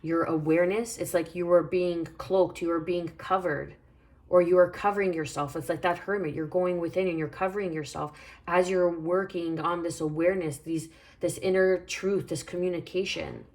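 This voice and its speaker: Low-voiced woman giving a tarot reading. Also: steady tone, moderate pace, darkish tone. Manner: soothing, reflective, repeats phrases, pulls cards aloud. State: hiccuping. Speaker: tarot reader.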